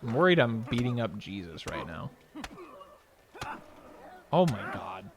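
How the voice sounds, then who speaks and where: A young man streaming a video game, telling stories in an animated, profane, casual way. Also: fairly low pitch, measured pace, noisy background. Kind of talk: casual gameplay commentary.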